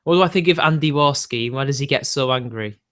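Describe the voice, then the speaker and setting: A man with a medium-pitched, sharp-toned voice rambles while live-streaming and responding to his chat. He gets riled up quickly and swears.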